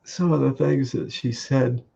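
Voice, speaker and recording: A man giving a halting, tearful memorial tribute on a video call, laughing through his grief. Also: medium pitch, steady tone, vocal fry, warm tone, slightly rough, highs cut off. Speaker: grieving husband sharing memories.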